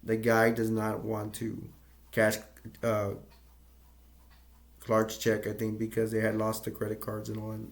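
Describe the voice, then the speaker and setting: A man's voice: lowish voice, monotone, a little slow, pauses often. A man casually retelling a movie's plot as a reviewer, rambling with restarts and loose asides.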